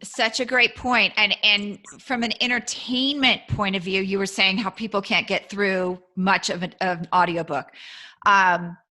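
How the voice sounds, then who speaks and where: A woman's voice: mid-range voice, steady tone, unhurried, bright, forceful tone. A woman hosting a podcast interview, responding to her guest with hesitant restarts. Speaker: podcast host.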